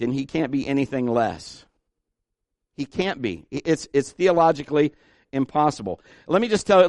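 A man's voice: fairly high pitch, no room sound, clean studio sound. A middle-aged man preaching a folksy, emphatic sermon as pastor, repeating key words for stress.

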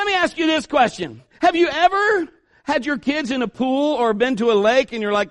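A male pastor preaching a sermon in an animated, joking way, acting out the voices of the people he talks about. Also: extremely high pitch, brisk, no room sound.

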